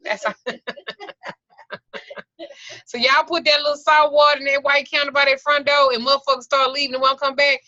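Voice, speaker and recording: Brash, bright-voiced woman teacher on a call. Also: high-pitched, level tone, moderate pace, pauses often, no room sound. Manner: profane, joking storyteller who acts out voices. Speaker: occult class teacher. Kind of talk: casual teaching on a video call. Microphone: video call. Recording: dull lo-fi video call audio.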